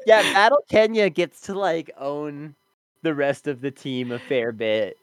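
Smooth-voiced laid-back podcast co-host. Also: medium pitch, unhurried, no echo. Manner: laid-back, hedging with fillers. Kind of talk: casual review chat.

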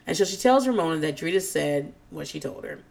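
Deep-voiced and gravelly, a woman talking fairly quickly recaps a reality show in casual podcast chat. Animated and profane, she breaks into squealing mock quotes of the people involved and describes herself as nervous and on edge.

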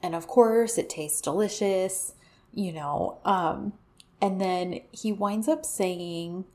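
A woman co-hosting a casual podcast chat, talking quickly and animatedly about a TV episode with frequent laughs and fillers. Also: medium pitch, a little mellow.

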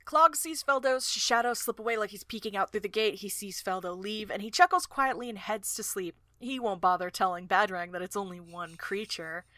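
A woman's voice: mid-range voice, moderate pace, few pauses, pushed and bright, no echo, clean studio sound. A woman co-hosting a podcast, casually retelling and discussing book scenes. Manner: chatty, retelling scenes with many fillers. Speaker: podcast co-host.

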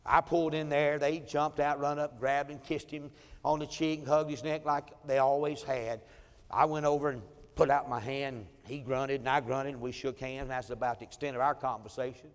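A man's voice: mid-range voice, steady tone, normal speed, big-room sound. A man, a pastor telling a personal story in a sermon with heartfelt, emotional repetition. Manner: heartfelt, emotional telling with many repeated phrases. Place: church sanctuary.

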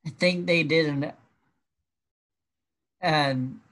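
An unhurried guest spins a personal tale at a slow, easy pace. The delivery stays wry and matter-of-fact, with a middling pitch. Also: fairly even intonation, fairly bright tone. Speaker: guest telling a personal story. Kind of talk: casual storytelling.

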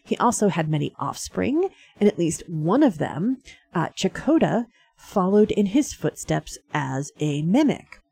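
A woman's voice: fairly low pitch, very animated, measured pace, creaky, dark tone, slightly rough, no echo. A woman hosting a radio show, talking casually with many fillers and small laughs. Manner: chatty, frequent fillers and laughs.

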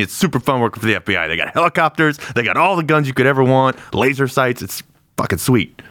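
A man's voice: mid-range voice, a little fast, no echo, studio quality. A man playing a tabletop role-playing game, talking in character with swearing, brash bravado. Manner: lively, swears, pushy ex-FBI bravado in character. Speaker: player.

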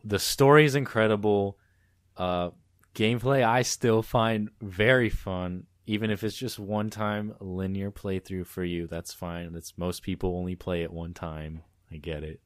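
A man's voice: low voice, dry recording, studio quality. A man chatting casually on a gaming podcast in a laid-back way, trailing off at times.

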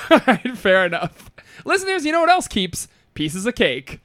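Podcast co-host, casual chat, playful, laughs a lot, swearing, expressive lively pitch. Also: unhurried, slight background noise.

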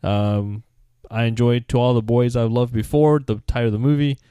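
A man's voice: mid-range voice, fairly even intonation, moderate pace, mellow, clean tone, dry recording. A man hosting a podcast, upbeat and steering the talk through its segments. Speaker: podcast host. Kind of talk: casual chat.

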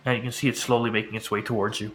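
A man running a tabletop game, calmly describing scenes to the players. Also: lowish voice, very fast, slight background noise, poor audio. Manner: calm descriptive narration. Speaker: game master.

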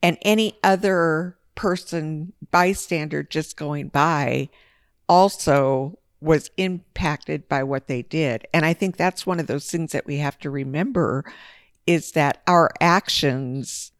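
A woman co-hosting a podcast, telling a personal story in a casual, lively way with big jumps in pitch. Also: slow, no room sound, clean studio sound. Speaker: podcast co-host.

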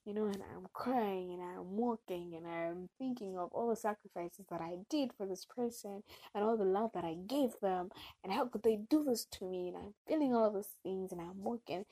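Expressive young woman sharing faith talk. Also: fairly low pitch, low-quality recording. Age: young adult. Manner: animated, expressive storytelling with swings in loudness. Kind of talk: casual faith-based talk to camera.

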